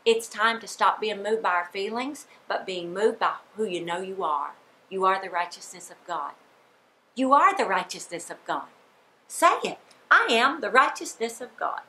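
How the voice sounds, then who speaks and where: Bright, emphatic woman preaching. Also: medium pitch, animated, normal speed. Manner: emphatic, repetitive preaching with forced laughter bursts. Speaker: speaker at a women's ministry gathering. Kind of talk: sermon.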